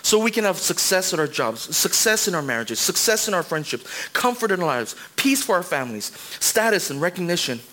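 A man in his thirties preaching a sermon in a church, conversational and animated, with quick asides to the congregation. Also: sits high. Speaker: pastor. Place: church sanctuary.

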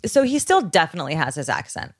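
Low-voiced woman, relaxed podcast guest. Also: fast, no echo, clean studio sound. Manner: relaxed, rambling with many fillers. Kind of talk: casual chat.

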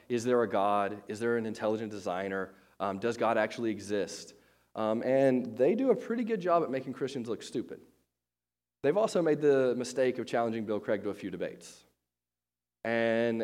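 A man's voice: mid-range voice, darkish tone. A male pastor preaching a casual, chatty sermon to his congregation, joking at his own expense and restarting sentences often with many fillers.

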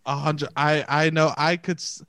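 A man with a New York accent, telling stories in casual podcast chat, animated and often breaking into laughter. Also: a little high, measured pace, no room sound. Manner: animated, laughing storyteller who talks in bursts.

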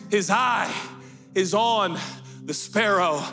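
A man preaching a sermon to a church, impassioned, swinging between hushed talk and shouting with a sing-song cadence. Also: high voice, lively intonation, normal speed. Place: church sanctuary. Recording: echoey hall with music behind.

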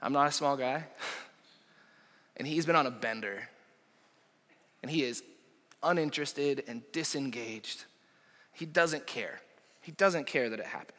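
Impassioned young pastor preaching in a hall. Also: male voice, mid-range voice, measured pace, long pauses, pushed and bright. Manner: impassioned, rising and falling, dropping to near whisper. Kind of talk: sermon. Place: church auditorium. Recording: echoey hall reverb.

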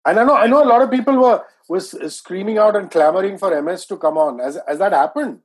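A man's voice: high voice, fast talker, low-quality recording. A man, a radio host reacting with enthusiasm and laughing along in a casual interview.

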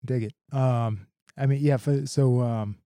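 Guy interviewer stumbling over his words, mid pitch, warm mellow tone, dry sound. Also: fairly even intonation, no room sound. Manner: halting, many fillers and restarts. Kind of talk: casual interview chat.

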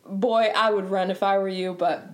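A young woman telling a work story in a casual vlog, animated and exasperated, laughing often, her voice climbing higher when upset. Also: moderate pace.

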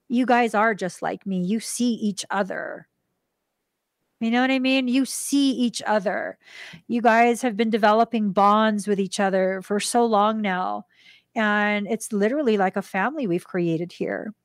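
Telling a personal story on the spiritual podcast she hosts, a woman speaks casually and animatedly, raising her voice for quoted dialogue and quieting to a soft hush when things get tender. The sound is dry and clean, from a studio.

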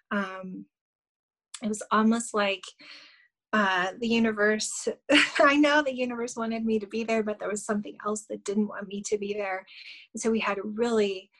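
A woman's voice: fairly high pitch, fairly bright tone, low-quality recording. A middle-aged woman, a guest on a podcast, earnestly telling a personal story with many fillers and small laughs. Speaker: guest, shamanic healer.

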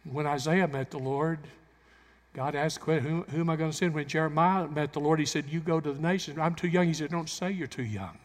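A man's voice: a little high, brisk. Preaching man with a drawl. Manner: preaching with rising emphatic bursts and acted-out quotes. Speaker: pastor. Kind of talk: sermon. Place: church sanctuary. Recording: long hall reverb.

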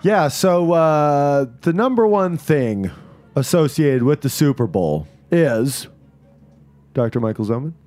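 A man co-hosting a podcast, joking casually with deadpan, mock-serious bits. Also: fairly high pitch, slow pace, no echo, faint music behind. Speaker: podcast co-host. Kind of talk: casual comedic banter.

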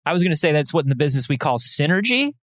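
Man, slightly high voice, dry close mic. Casual podcast co-host, chatty and self-deprecating. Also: sing-song, very fast, fairly bright tone, no room sound. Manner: chatty, self-deprecating, explains science news. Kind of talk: casual chat.

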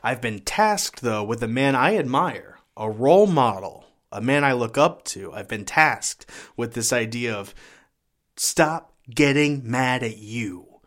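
A man giving a personal testimony as a guest, earnest and halting, often repeating his words. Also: mid-range voice, lively intonation, fairly bright tone. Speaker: guest sharing his life story.

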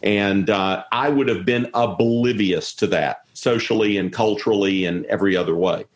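A man's voice: on the low side, moderate pace. A man, an interview guest talking in a rambling way with many restarts. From South Carolina, US. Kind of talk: conversational interview.

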